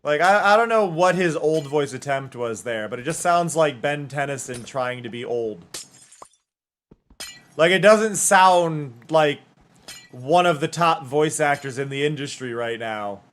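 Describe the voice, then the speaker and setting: A man's voice: on the high side, expressive, measured pace, a bit bright. A man streaming live and chatting casually, rambling and chatty, with hums and half-sung bits.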